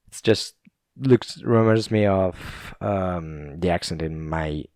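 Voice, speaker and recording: A man's voice: lowish voice, slow, a little mellow, no echo, studio quality. A young Italian man with an Italian accent hosting a casual solo podcast, rambling, chuckling and swearing loosely. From Italy. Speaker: podcast host.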